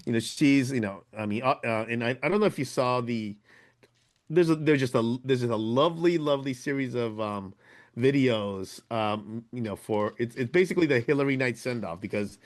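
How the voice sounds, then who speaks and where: A man's voice: mid-range voice, normal speed. A man co-hosting a podcast in casual chat, rambling with many fillers and restarts. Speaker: podcast co-host.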